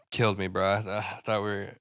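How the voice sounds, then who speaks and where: A young man co-hosting a podcast in casual chat, excitable, swearing often and laughing a lot. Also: on the low side, smooth, dry recording, clean studio sound. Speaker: podcast co-host.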